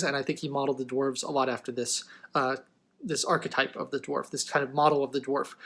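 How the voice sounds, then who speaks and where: A man's voice: fairly high pitch, fairly bright tone. A man talking casually in a loose, rambling way as he reviews a book, with many fillers and restarts.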